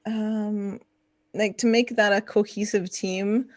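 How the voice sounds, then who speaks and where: A woman's voice: mid-range voice, steady tone, slow, dry recording. A woman chatting playfully on a live gaming stream and laughing often while she answers questions. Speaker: guest streamer from a gaming channel. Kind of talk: casual stream chat.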